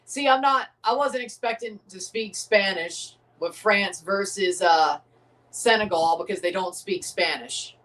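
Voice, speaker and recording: A man hosting a live watchalong of a football match, excitable and opinionated, often exclaiming and laughing at the action. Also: high-pitched, measured pace, far from the mic. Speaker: livestream host reacting to a match.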